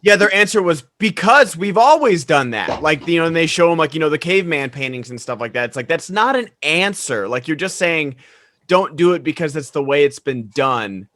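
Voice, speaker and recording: A man chatting enthusiastically about a favorite film on a video call, getting loud when excited. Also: on the high side, brisk, no room sound. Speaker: podcast co-host. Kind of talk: casual movie discussion. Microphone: remote video call.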